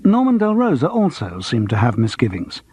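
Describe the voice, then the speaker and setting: A man reading a cozy mystery audiobook as narrator, in a lively, expressive manner. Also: medium pitch, normal speed, breathy edge, dry recording. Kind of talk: scripted narration.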